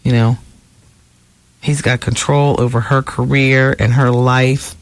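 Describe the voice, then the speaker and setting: A woman's voice: extremely low pitch, slow, dry recording. Chatty gossiping woman radio host. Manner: chatty, gossipy, animated asides to listeners. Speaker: radio talk show host. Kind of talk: celebrity gossip talk radio. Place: radio studio.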